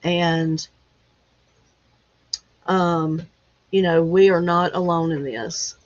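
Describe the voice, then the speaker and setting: Slow, halting woman near tears. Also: on the low side, steady tone, slight background noise. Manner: emotional, halting, fighting back tears. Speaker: livestream host. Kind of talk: casual livestream chat. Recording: dull lo-fi livestream audio.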